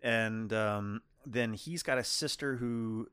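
A man with a fairly low, slow voice, a bit bright, clear and resonant, co-hosts a podcast and chats casually about a film, often restarting his sentences. The sound is clean studio audio with no room echo.

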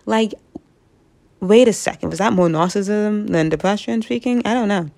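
A woman's voice: mid-range voice, moderate pace, gravelly, a little mellow. A woman from the United States talking casually to camera, rambling through her thoughts with frequent laughs and asides. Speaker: vlogger.

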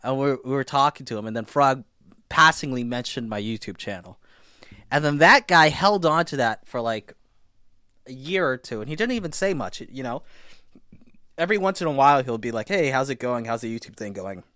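A man chatting casually as a podcast guest, rambling with many restarts and fillers, and getting animated when he retells a story. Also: medium pitch, moderate pace, no room sound, studio quality. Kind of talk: casual chat.

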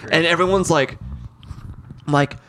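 Man, 20s, podcast co-host, casual storytelling, animated, swears a lot, acts out quotes. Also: on the high side, measured pace, slight background noise.

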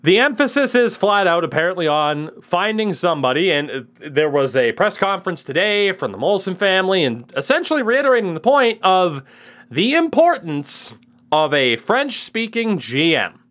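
A man's voice: high-pitched, very animated, moderate pace, a bit bright. A man in his twenties, co-hosting a casual sports chat and giving opinionated takes. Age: 20s. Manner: opinionated, ranting, swearing. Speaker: podcast co-host.

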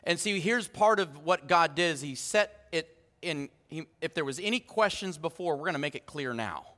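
A man pastor delivers a lively sermon and teases his congregation. His voice is high and bright. The church hall adds a long reverb. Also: normal speed. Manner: lively, joking with the congregation, repeats words.

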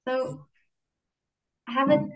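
A woman interviewing a guest, asking gentle questions. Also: high-pitched, steady tone, slow. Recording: distant, dull mic.

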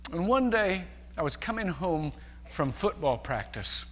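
A male pastor preaching a sermon, telling stories and shifting between loud emphasis and hushed, quiet passages. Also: fairly high pitch, big pitch swings, unhurried, in a large hall. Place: large church sanctuary.

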